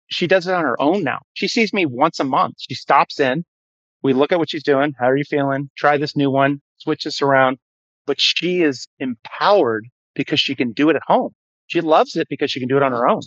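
A man's voice: on the high side, a bit bright, dry recording, lo-fi sound. A man, a fitness guest on a podcast, chatting emphatically and telling stories with energy. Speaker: guest, fitness system founder. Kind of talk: casual podcast chat, storytelling.

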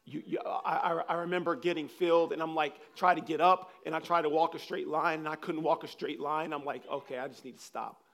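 A man preaching a sermon, telling personal stories in a rambling, animated way, with frequent restarts. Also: a little high, brisk, hardly any pauses. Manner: animated, acts out scenes with loud laughter and shouts; rambling, restarts sentences often.

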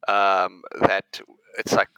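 A man from South Africa, a guest, explaining a traditional bread in a relaxed way. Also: low-pitched, slow, smooth, dry recording, rough recording. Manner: relaxed explaining, laughs easily. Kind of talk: casual explanation.

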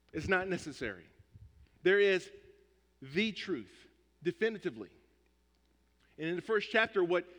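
Male pastor, sermon, high lively voice, emphatic and repetitive, long hall reverb.

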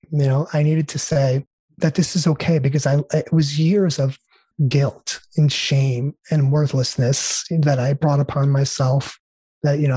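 A man's voice: a little high, dark tone, slightly rough, no room sound. A middle-aged man, an interview guest, telling his story in an earnest, heartfelt way, with many fillers and restarts. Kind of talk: conversational storytelling.

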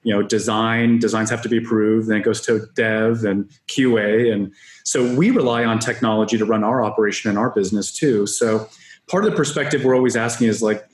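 A man as a software company guest on a podcast, upbeat business talk with frequent restarts. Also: on the low side, steady tone, brisk. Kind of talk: podcast interview. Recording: roomy echo.

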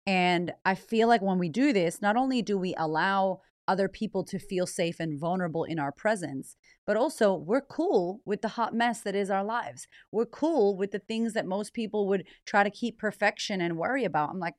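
A woman's voice: fairly low pitch, moderate pace, no room sound, clean studio sound. An American woman with a slight Australian twang hosting a podcast from her office, talking casually and bluntly, swearing and laughing often. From United States. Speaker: podcast host. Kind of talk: casual chat.

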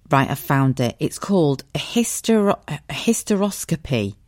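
A woman's voice: deep voice, sing-song, moderate pace, darkish tone, no echo. A woman hosting a podcast, telling her own story in a frank, sweary, conversational way. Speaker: podcast host. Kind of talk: candid personal monologue.

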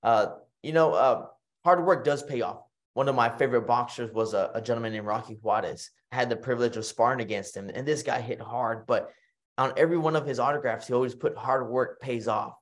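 A man with a Texan accent, a retired boxer and guest on a podcast, telling personal stories in a casual, animated way, often acting out what others said and restarting his sentences. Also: mid-range voice, brisk. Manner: animated storytelling, acts out quoted voices, frequent fillers and restarts. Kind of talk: storytelling in casual conversation.

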